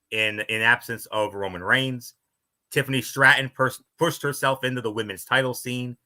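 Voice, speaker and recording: A man's voice: medium pitch, pushed and bright. A man co-hosting a wrestling recap podcast, talking loosely with lots of fillers and trailing sentences. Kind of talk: casual recap chat.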